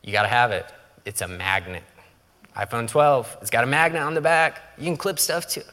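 Preaching at a moderate pace, a pastor uses a medium-pitched voice that is bright and forceful. His sermon is relaxed and humorous, often dipping into quoted voices for effect, while the sound echoes with the long reverb of a big church hall.

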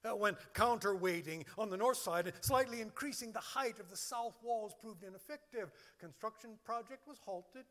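A man's voice: sits high, moderate pace, hardly any pauses, a bit bright. A man preaching a sermon as pastor, stressing long lists of words one at a time. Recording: long hall reverb.

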